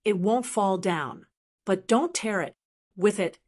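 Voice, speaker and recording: Female narrator doing a steady, unhurried swordsman, low and even. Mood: reassuring. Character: calm, steady young male swordsman.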